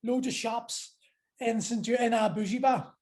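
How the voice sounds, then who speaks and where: An Irish man tells rowdy stories on a podcast, animated, laughing easily, swearing often. His voice sits high for a man. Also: normal speed. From Ireland. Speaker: podcast guest, MMA fighter. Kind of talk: casual storytelling.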